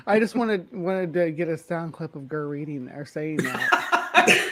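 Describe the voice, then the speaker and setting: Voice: mid-range voice, takes it slowly, heavy background noise. A stream host in casual live chat, giggly and teasing.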